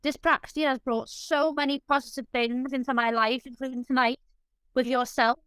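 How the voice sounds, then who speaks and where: A woman's voice: sits high, fairly even intonation, moderate pace, fairly bright tone, clear, resonant tone, no echo, poor audio. A woman guest in an interview, talking in an effusive, openly emotional way. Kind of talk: casual interview chat.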